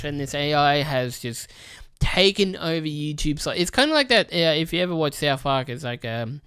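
Man, casual profane rant, rambling, bright voice, dry close sound. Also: on the high side, animated, moderate pace, clear, resonant tone, dry recording. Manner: rambling and profane, with frequent restarts; mocks others with put-on quoted voices. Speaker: gaming channel host.

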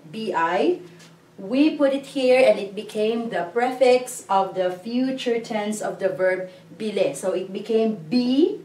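Woman, language teacher, slow, patient, spells out syllables, echoey room, distant mic. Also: medium pitch, dark tone, a little hiss or hum. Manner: patient, spells out syllables and repeats words slowly. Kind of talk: slow classroom-style grammar lesson.

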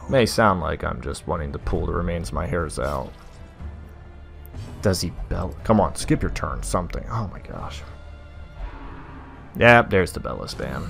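A man's voice: low-pitched, animated, measured pace, gravelly, pauses often, a bit bright, soft background music. A young adult man venting as a gaming streamer, giving exasperated live gameplay commentary full of mild oaths in place of swears.

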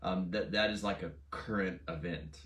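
A man co-hosting a ministry talk, speaking hesitantly with many pauses and restarts. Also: low voice, fairly even intonation, fairly bright tone. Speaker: co-host. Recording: echoey room, distant mic.

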